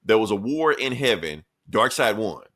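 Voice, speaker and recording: Man voicing a male god-warrior, grave, urgent, hushed, low voice. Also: very animated, normal speed.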